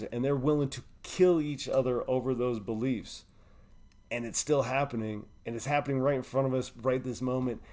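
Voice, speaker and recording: A man's voice: medium pitch, darkish tone. A man hosting his own live online show, giving a preachy, emotional monologue full of swearing and repeated "right?". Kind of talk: impassioned live-stream monologue.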